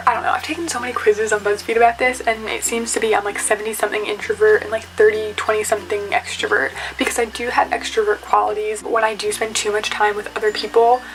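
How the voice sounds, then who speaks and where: A woman's voice: on the high side, a bit bright, poor audio. A young woman chatting on camera in her bedroom, answering get-to-know-me questions in a chatty, giggly way full of "like". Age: young adult. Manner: chatty, quick and giggly, with frequent "like". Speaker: YouTuber. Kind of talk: casual Q&A vlog.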